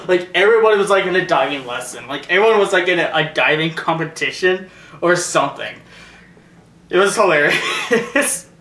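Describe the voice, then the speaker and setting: A young man giving a casual movie review, animated and laughing often, swearing freely. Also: high voice, normal speed, roomy sound.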